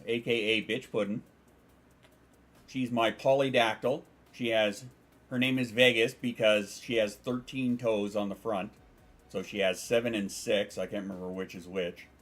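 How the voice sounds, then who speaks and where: A man's voice: mid-range voice, a bit bright. A man streaming from home, chatting casually and rambling, swearing and reading out chat messages.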